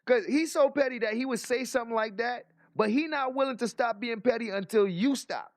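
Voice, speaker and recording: A man's voice: very high voice, a little fast, no room sound, studio quality. A man giving casual reaction commentary, incredulous and mocking, swearing and laughing as he talks. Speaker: commentary vlogger.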